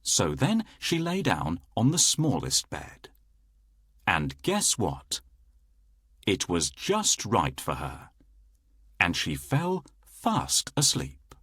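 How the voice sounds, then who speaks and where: Slow, lilting storybook narrator, a man. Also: sits low, wildly swooping pitch, fairly bright tone, breathy edge, no room sound, studio quality. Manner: slow, lilting read-aloud delivery. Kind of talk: scripted storybook narration for children.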